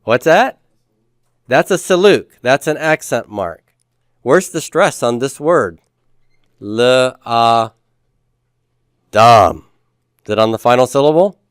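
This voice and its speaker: A man's voice: medium pitch, big pitch swings, moderate pace, no echo, clean studio sound. A man teaching a Hebrew grammar class, explaining patiently and quizzing the students with the odd light joke. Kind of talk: classroom lecture.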